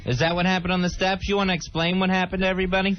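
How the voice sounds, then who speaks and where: A man's voice: sits high, level tone, racing. A man co-hosting a radio talk show, tossing in playful teasing asides in casual banter. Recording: noisy lo-fi radio broadcast.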